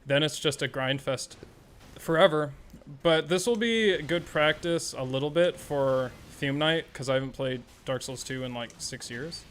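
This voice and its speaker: A young man chatting casually on a live gaming stream, excitable and rambling, swearing freely. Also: fairly high pitch, unhurried, slight background noise.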